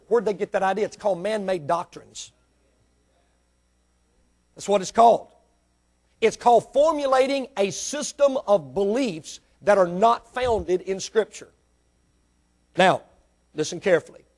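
High-voiced preacher. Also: male voice, a little mellow. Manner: preaching with rising emphatic bursts and direct questions to the congregation. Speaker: pastor. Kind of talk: sermon. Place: church.

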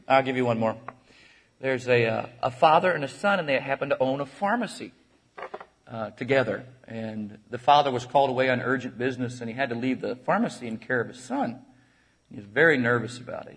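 A man telling comic family stories to a church crowd, in a forceful voice with a husky edge. He rambles from joke to joke with quick asides and chuckles at his own punchlines. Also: medium pitch, expressive. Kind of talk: comic storytelling.

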